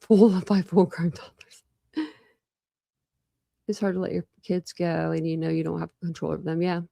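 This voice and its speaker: A woman's voice: on the low side, fairly even intonation, normal speed, gravelly, warm tone, no room sound, clean studio sound. A woman in her forties at home, chatting casually on a live stream in a rambling way, full of "like" fillers. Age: 40s. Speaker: true crime YouTuber on a live stream. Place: at home, room with couch and cat.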